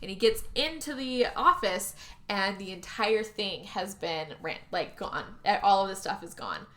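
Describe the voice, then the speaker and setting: Talking a little slowly in a mid-range voice, this female podcast co-host runs through a movie's plot casually. She brings the characters to life as she goes, with plenty of swearing and laughter.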